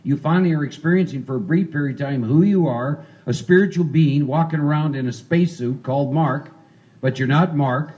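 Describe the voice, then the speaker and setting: Mellow-voiced man leading a recovery workshop. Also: on the high side, fairly quick, dull audio. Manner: coaching volunteers through a role-play, conversational. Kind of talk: interactive recovery workshop talk.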